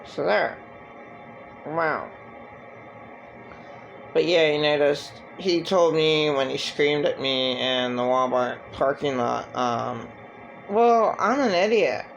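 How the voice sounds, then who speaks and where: Slow, gravelly man rambling. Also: medium pitch, steady tone, a bit bright, dull audio, soft background music. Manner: halting and rambling with many fillers. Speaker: vlogger. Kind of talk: personal monologue.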